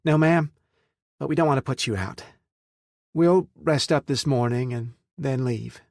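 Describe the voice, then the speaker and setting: A man's voice: mid-range voice, a little slow, creaky, darkish tone, no echo, studio quality, pitched above the performer's own voice. A man doing a humble, grateful mother. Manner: humble, polite.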